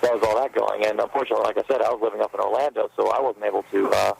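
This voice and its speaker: A man, a fan filmmaker guest, telling stories in a rambling, animated way during a casual interview, with a gravelly voice. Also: on the low side, racing, a little hiss or hum, low-quality recording.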